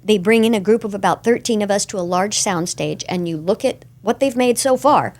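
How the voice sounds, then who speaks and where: A voice actress chatting in an interview, full of animated storytelling. She switches into little voices as she recounts things. Her pitch sits in a middle register. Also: brisk. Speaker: voice actress guest. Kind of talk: casual interview chat.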